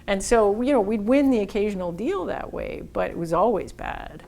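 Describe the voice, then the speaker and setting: A woman giving a marketing workshop talk, telling a lively, blunt story and acting out the dialogue. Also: mid-range voice, moderate pace. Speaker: workshop speaker.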